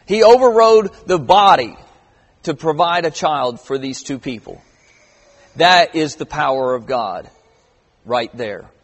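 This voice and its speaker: A middle-aged man delivers a sermon with a rather high voice, easygoing yet stressing key phrases hard as he reads scripture aloud. His voice carries a long reverb, as if in a large hall. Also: animated, measured pace. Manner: conversational preaching with emphatic stresses and scripture reading. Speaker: pastor.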